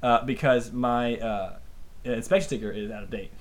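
A man's voice: medium pitch, normal speed. A man, a podcast co-host telling a story in casual chat and acting out the people in it. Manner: animated storyteller, acts out voices.

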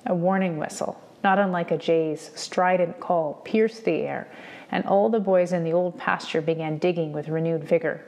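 A woman reads a novel aloud to students, chapter by chapter, in a steady, measured way. Her voice sits low with a gravelly, creaky texture. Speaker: reader.

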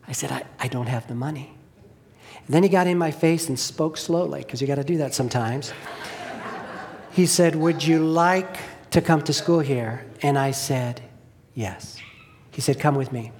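Earnest man preaching his testimony. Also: a little high. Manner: earnest storytelling, drops to hushed tones. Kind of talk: sermon testimony.

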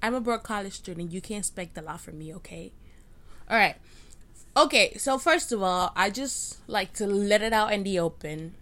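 A young woman whose first language is Spanish, hosting her own podcast and ranting in a rambling, self-mocking way, with loudness and pitch jumping often. She records on a cheap microphone. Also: lively intonation, normal speed. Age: late teens. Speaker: podcast host. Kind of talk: casual rant. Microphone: cheap home USB microphone.

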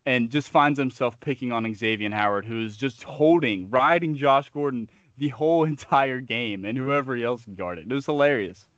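A man's voice: mid-range voice, normal speed, hardly any pauses, fairly bright tone, no room sound, highs cut off. A man co-hosting a sports podcast, riffing with trash talk and long comic analogies. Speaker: podcast co-host.

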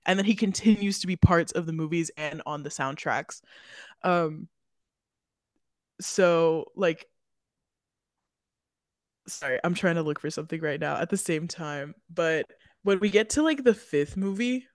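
Woman, podcast co-host, unhurried, giggly, rambling, dry close sound. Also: on the low side, no echo. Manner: giggly, rambling with many fillers. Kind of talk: casual chat.

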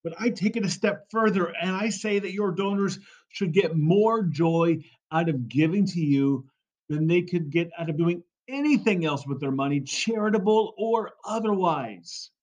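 A man's voice: sits high, moderate pace, darkish tone. A man giving a fundraising coaching talk, emphatic and repetitive, often checking in with "right?" and "okay?". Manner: emphatic, repeats key phrases, frequent "right?" and "okay?". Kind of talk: podcast monologue.

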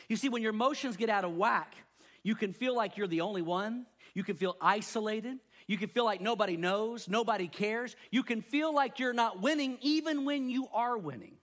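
A man with a fairly high voice delivers a sermon. He tells scripture stories in an animated way and acts out the voices of the people in them. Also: normal speed. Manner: animated storytelling, acting out quoted voices. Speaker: pastor.

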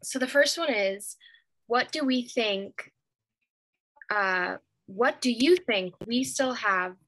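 A woman's voice: a little high, lively intonation, takes it slowly, fairly bright tone, dry recording. A woman co-hosting a podcast in casual chat, chatty and laughing, with lots of fillers. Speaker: podcast co-host.

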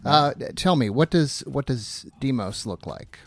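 A man playing a tabletop game, asking questions and thinking out loud about his moves. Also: mid-range voice, animated, measured pace, vocal fry. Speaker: player. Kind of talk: casual game talk.

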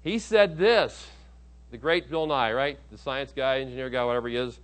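A man's voice: mid-range voice, normal speed. A male pastor delivering a sermon, emphatic, with rhetorical questions to the congregation. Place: church auditorium.

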